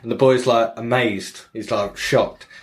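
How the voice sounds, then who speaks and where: A man's voice: medium pitch, steady tone, unhurried. A man, casually and animatedly retelling a video game on a podcast, with plenty of fillers. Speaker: podcast host. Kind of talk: casual chat recapping a game.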